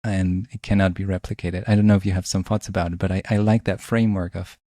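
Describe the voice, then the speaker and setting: A man hosting a podcast, his voice sitting low and recorded dry and close with no room around it. He talks in a reflective, thinking-aloud way, restarting phrases as he works through an idea. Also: flat delivery, fast talker, warm tone, no echo. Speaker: podcast host. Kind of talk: conversational interview.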